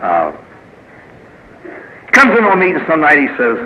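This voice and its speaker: A priest gives a humorous speaker talk at a recovery meeting, telling folksy stories with jokes and acted-out quotes before a live audience in a meeting hall. His mid-range voice swings hugely in pitch, moving at a moderate pace with frequent pauses. The recording is muffled, with background noise.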